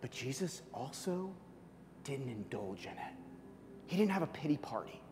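A male pastor delivering a sermon at a middle pitch, voice ringing with long reverb in a large hall. His delivery is dramatic, rising to loud, high outbursts and falling to near-whispers. A faint low rumble sits underneath. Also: big pitch swings, moderate pace. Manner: dramatic, swings from loud and high to soft and hushed.

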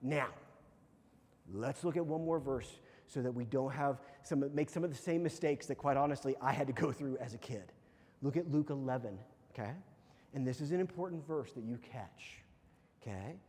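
A man preaching a sermon as pastor, animated and often checking in with his listeners. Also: mid-range voice, moderate pace. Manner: animated, repeats "okay?" to check in. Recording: long hall reverb.

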